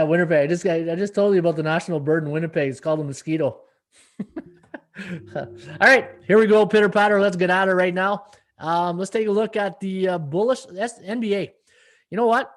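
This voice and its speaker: A middle-aged man hosts a sports betting live stream, chatting loosely and reading viewer comments between fillers and restarts. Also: sits high. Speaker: sports betting podcast host.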